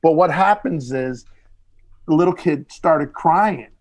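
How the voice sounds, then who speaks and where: A man's voice: a little high, takes it slowly. A man telling stand-up stories in a casual podcast chat, acting out the people he quotes. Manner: animated storyteller acting out quotes. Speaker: comedian guest telling stories.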